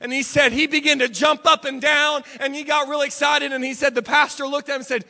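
High, bright-voiced preacher telling a story. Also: male voice, level tone, brisk, vocal fry, few pauses, big-room sound. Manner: dramatic storytelling. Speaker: pastor. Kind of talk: sermon. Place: church sanctuary.

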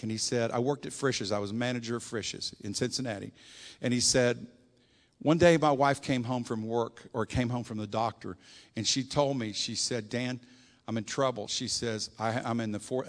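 A male preacher, telling stories in a folksy sermon and calling out "Amen?" to his congregation. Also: mid-range voice. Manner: storytelling, folksy, rising to emphatic calls of "Amen?". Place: church. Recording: long hall reverb.

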